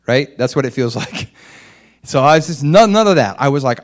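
A man's voice: animated, brisk. Middle-aged man preaching in a conversational way. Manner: conversational preaching, telling a personal story; rises in pitch and loudness for emphasis. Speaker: pastor. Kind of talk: sermon.

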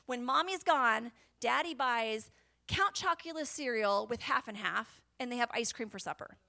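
A woman preaching a sermon, animated and chatty, often dropping to a whisper and laughing. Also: fairly high pitch, normal speed, creaky.

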